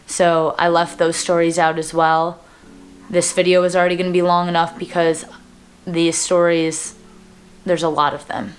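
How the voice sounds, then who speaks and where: A woman's voice: lowish voice, flat delivery, normal speed, faint music behind. A young woman in her twenties talking to camera in a personal vlog, earnest and plain-spoken with frequent fillers. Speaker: vlogger.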